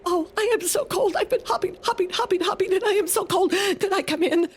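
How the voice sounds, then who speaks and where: A woman's voice: very high-pitched, a little fast, pitched above the performer's own voice. A woman voicing a shivering female rabbit who pleads in a whimpering, breathless way. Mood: pleading.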